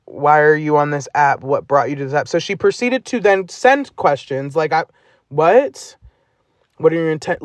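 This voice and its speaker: A man's voice: on the high side, no room sound. A man on a phone livestream, recounting messages aloud in an exasperated casual rant.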